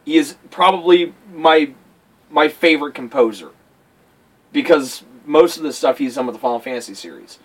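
Man, high voice, casual chat, profane, animated storyteller. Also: normal speed, poor audio. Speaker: podcast co-host.

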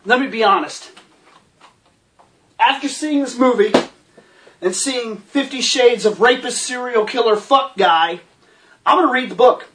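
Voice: medium pitch, a little slow, long pauses, a bit bright, recorded from a distance, slight background noise. Profane, incredulous ranting film reviewer. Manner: profane, sarcastic, incredulous outbursts. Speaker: movie reviewer.

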